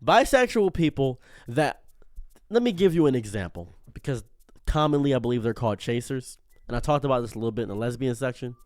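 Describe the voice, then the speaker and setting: A streamer delivers an unscripted commentary monologue, animated and prone to tangents, often stopping himself mid-sentence. His voice is on the high side, and the sound is clean studio quality with no echo.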